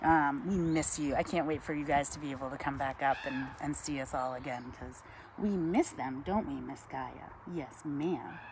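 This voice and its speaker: A woman, giving a chatty live-stream talk outdoors, greeting viewers by name and cooing softly to an owl. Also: low-pitched, moderate pace, noisy background. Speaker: wildlife educator.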